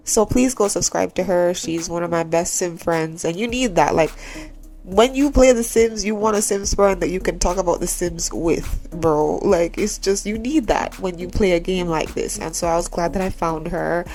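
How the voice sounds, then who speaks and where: A woman's voice: fairly low pitch, moderate pace, darkish tone, soft background music. A tired woman chatting casually to her viewers as a gaming vlogger, rambling and repeatedly asking them to subscribe. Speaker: Sims YouTuber.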